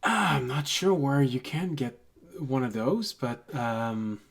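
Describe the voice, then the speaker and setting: A man acting as game master, narrating and speaking for characters, hesitant and full of pauses. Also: mid-range voice, lively intonation, husky. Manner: hesitant, full of ums and restarts.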